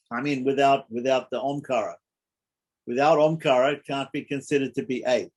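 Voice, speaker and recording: A man teaching a scripture study class, explaining carefully, repeating points and often checking that listeners follow. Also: medium pitch.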